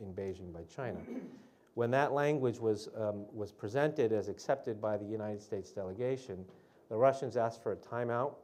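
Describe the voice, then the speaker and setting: Guy speaking at a policy forum, lowish mellow voice, lots of ums, keeps asking "right?". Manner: measured, with frequent "um" and "uh" and tag questions like "right?"; storytelling recollection of negotiations. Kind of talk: explanatory public talk.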